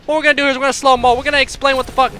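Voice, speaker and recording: A man's voice: very high voice, level tone, rapid-fire, bright, forceful tone, slight background noise. A man streaming, giving swaggering, profanity-heavy trash-talk commentary over his own gameplay. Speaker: game streamer.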